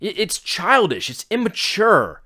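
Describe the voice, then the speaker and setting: Exasperated man ranting, high and lively. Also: unhurried. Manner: exasperated, blunt, swears. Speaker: fitness podcast host. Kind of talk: ranting podcast monologue.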